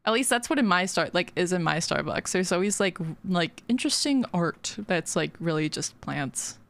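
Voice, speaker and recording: A woman's voice: on the low side, lively intonation, normal speed, a bit bright. A woman streamer chatting casually while building in a game, giggly and full of fillers. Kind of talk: casual gaming stream chat.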